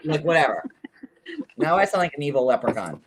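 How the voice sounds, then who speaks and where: A man hosting a casual gossip chat, telling stories in an animated, theatrical, campy way. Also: a little high, brisk, noisy background. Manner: animated, camp, theatrical storytelling. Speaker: show host.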